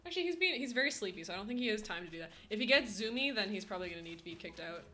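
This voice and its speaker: Streaming games from a room at home, a young woman casually answers her chat using playful slang. Her mid-range voice is expressive, sharp and rapid-fire, with soft background music and a roomy echo in the recording.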